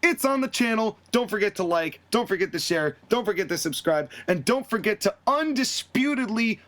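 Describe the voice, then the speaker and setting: A man with a fairly high voice hosts a casual podcast, retelling a wrestling storyline with lots of animation. He slips into different voices for each character's lines as he narrates. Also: moderate pace. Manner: animated storytelling, acting out quotes in shifting voices. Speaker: podcast host. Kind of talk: casual recap of a fantasy wrestling booking.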